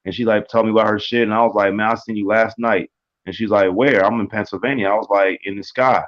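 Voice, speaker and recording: Male co-host, low voice, laid-back slangy storyteller, dull lo-fi recording. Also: quick pace. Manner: relaxed, rambling, slangy, with restarts. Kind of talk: casual chat. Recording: dull lo-fi sound.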